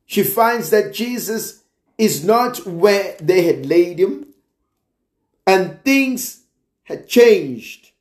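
Slow, deliberate preaching man in echo. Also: sits high, expressive. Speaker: priest. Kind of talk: sermon.

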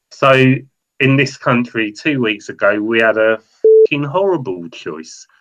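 A man talking football and politics on a podcast, hesitant and thinking aloud with many pauses. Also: on the low side, a bit bright, rough recording. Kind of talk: casual football podcast chat.

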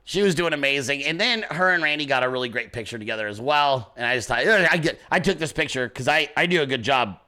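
A man hosting his own show, chatting casually in a rambling, profane, excitable way. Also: medium pitch, fast talker, few pauses. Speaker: podcast host. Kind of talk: casual chat.

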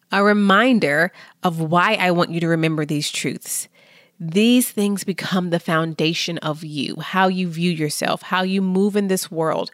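A woman hosting a podcast, speaking slow, earnest affirmations. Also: on the low side, fairly bright tone, no room sound, clean studio sound. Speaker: podcast host. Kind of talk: slow motivational podcast talk.

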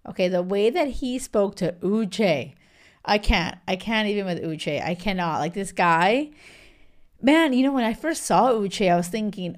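A woman in her thirties hosting a casual reality TV recap, gushing and animated with lots of filler words. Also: medium pitch, unhurried. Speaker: podcast host.

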